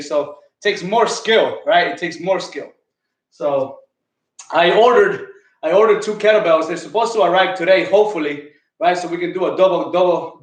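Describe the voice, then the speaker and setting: A man's voice: on the high side, reverberant. A man leading a live online kettlebell class, counting reps and giving coaching cues while out of breath. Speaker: fitness coach.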